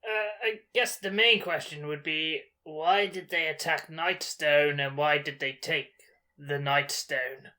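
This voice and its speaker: A man's voice: a little high, fairly even intonation, slow, bright, forceful tone. A man playing a tabletop game in character, asking hesitant, puzzled questions. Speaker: player.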